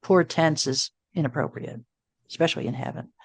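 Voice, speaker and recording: Woman, sixties, fairly low voice, guest telling a story, animates quoted thoughts, wry humor. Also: brisk, creaky, husky, no room sound. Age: 60s. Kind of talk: casual storytelling in an interview.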